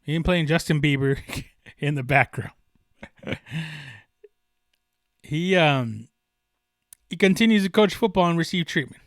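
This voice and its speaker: A man's voice: on the high side, expressive, measured pace, long pauses, no echo, studio quality. A man hosting a solo sports podcast, talking with passion and emphasis, often restarting his sentences. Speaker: podcast host.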